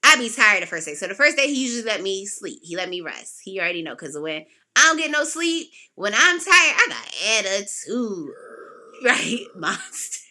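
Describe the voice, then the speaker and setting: A woman's voice: medium pitch, normal speed. A woman hosting a podcast, telling a personal story in casual chat. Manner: animated, emotional, quotes people in raised voices. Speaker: podcast host.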